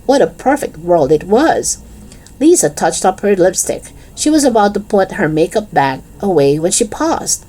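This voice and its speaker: A woman reading a children's chapter book aloud in an expressive, lively storytelling manner. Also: medium pitch, moderate pace.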